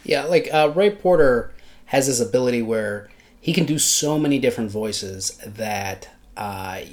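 A man's voice: mid-range voice, lively intonation, unhurried. A man with a nasal voice, co-hosting a casual book podcast, talking with frequent fillers and restarts. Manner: hesitant, many fillers and restarts. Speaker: podcast co-host, book blogger.

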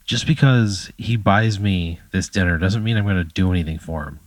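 A young man playing along in a comic scenario, deadpan and incredulous, swearing casually. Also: low voice, moderate pace, no echo. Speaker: player. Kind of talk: casual chat.

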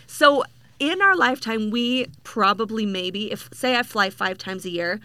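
A woman's voice: a little high, animated, measured pace, sharp tone, clear, resonant tone, dry recording. A woman co-hosting a podcast, asking rambling curious questions in casual chat. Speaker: podcast co-host.

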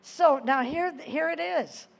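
Slow, high-voiced woman preaching. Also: creaky. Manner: earnest, reads scripture aloud with asides and soft laughs. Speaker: Bible teacher. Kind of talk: sermon.

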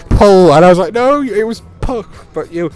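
A man's voice: high-pitched, lively intonation, fast talker, soft background music. A young man from Britain chatting casually outdoors, joking around and filling his talk with "like". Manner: chatty, joking, lots of 'like' fillers. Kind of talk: casual chat. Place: outdoors at a convention.

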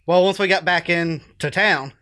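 A man's voice: high-pitched, moderate pace, bright, forceful tone, clean tone, no echo, clean studio sound. A man, an ex-roadie guest laughing sheepishly at himself in casual podcast chat.

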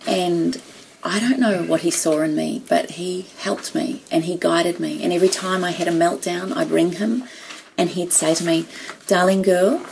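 A woman's voice: on the low side, steady tone, normal speed, vocal fry, a little hiss or hum, low-quality recording. A middle-aged woman in casual conversation, telling personal business stories with feeling and acting out what others said. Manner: warm storytelling, emotional, quotes others animatedly. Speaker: guest. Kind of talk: casual chat.

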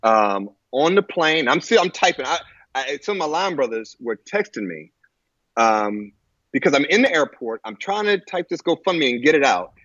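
Husky-voiced man, lively pitch. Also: dry recording. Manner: halting, with many fillers and restarts. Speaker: guest. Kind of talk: emotional personal storytelling. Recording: muffled lo-fi audio.

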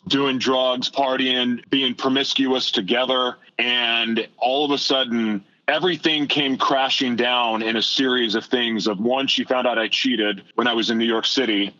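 Bright-voiced man telling his story. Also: medium pitch, unhurried, few pauses, lo-fi sound. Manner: animated, acting out his own past thoughts. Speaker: guest.

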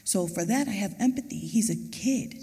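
A woman speaks with a dark, husky, gravelly voice, earnest and halting as she gives a personal testimony at a church service. Her words ring out with the long reverb of a large church auditorium. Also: medium pitch, animated. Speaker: mother of a murder victim, guest on stage.

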